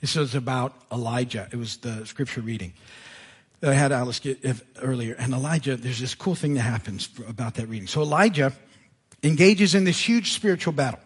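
A male pastor preaching a sermon in a conversational, animated way, laughing at himself as he goes. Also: medium pitch, a little fast, husky. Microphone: live sermon mic. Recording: church service audio.

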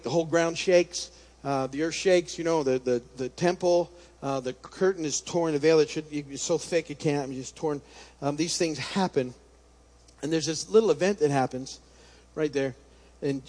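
A man's voice: on the high side, a little mellow. A man teaching a casual Bible study, talking conversationally and thinking aloud with restarts, sometimes reading scripture passages aloud.

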